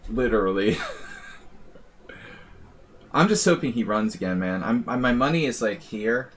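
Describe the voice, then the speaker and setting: A man's voice: medium pitch, animated, unhurried, a bit bright, a little hiss or hum. A man streaming blitz chess and chatting casually, wry and rambling, laughing at his own jokes. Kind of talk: casual live-stream chat.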